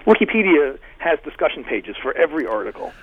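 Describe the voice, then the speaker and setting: A man giving thoughtful, animated interview answers as a guest, talking in a discursive and emphatic way. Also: fairly high pitch, quick pace, a little hiss or hum. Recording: tinny phone line.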